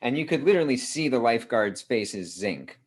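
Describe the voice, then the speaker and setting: A man's voice: medium pitch, lively intonation, moderate pace. Guy riffing improv jokes on a call, mid voice, swings up and down a lot. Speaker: improv performer. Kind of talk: online improv comedy. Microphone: video call.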